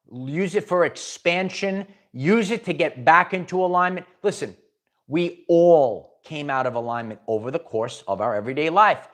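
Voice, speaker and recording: Emphatic man giving a spiritual pep talk. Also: a little high. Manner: repetitive, emphatic, restarts often. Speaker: spiritual channel host.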